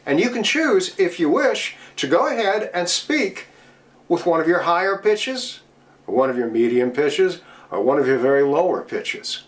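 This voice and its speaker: With a fairly high pitch and big swings in it, a middle-aged voice coach speaks at normal speed in an instructional talk for DJs at a virtual convention. He explains patiently and shows techniques using his own voice.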